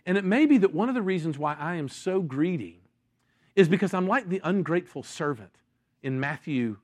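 A man preaching a sermon to a congregation, animated and acting out story voices, restarting his sentences often. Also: sits high, normal speed, no echo, clean studio sound. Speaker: pastor. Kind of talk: sermon with audience Q&A.

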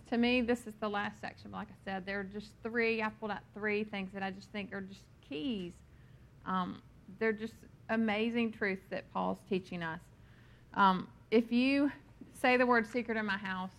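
A woman's voice: mid-range voice, a bit bright. A woman leading a Bible study who reads scripture aloud, then teaches in a chatty, personal way, with frequent ums and laughing at her own stories.

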